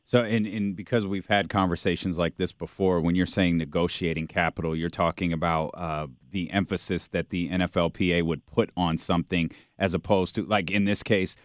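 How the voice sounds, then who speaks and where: Man, radio co-host, very low voice, dry studio sound, casual restarts. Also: fairly even intonation, fairly quick, few pauses, no echo. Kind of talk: radio talk show.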